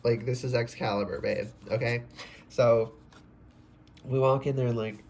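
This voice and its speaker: A man's voice: medium pitch, fairly even intonation, normal speed, a little mellow. Rambling man giving a casual tarot reading. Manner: rambling, self-interrupting, swears and exclaims. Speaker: tarot reader.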